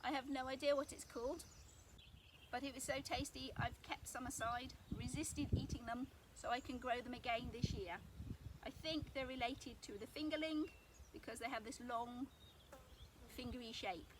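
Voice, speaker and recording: Woman from the UK, high voice, chatty garden how-to vlog, recorded outside with birdsong and clicks. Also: steady tone, moderate pace. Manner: chatty and explanatory. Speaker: gardening vlogger. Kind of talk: casual outdoor how-to vlog. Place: outdoor garden bed. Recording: outdoor noise, birds and clicks.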